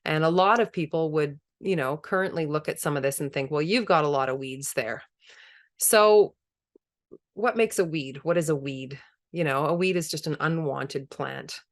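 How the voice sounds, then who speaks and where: A woman's voice: low-pitched, moderate pace. A woman presenting a webinar on a video call, conversational and enthusiastic, laughing easily as she explains. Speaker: permaculture presenter.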